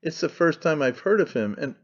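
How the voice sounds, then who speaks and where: A man reading an audiobook voices a cold, aloof aristocrat who speaks in a reserved, measured way. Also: on the high side, animated, voice pushed up. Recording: slightly dull lo-fi sound.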